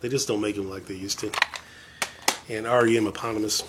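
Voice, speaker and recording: A vlogger shows off his record collection, chatting casually to the camera in a rambling, enthusiastic way and poking fun at himself. His voice is fairly low and steady, he talks fairly quickly, and there is background noise.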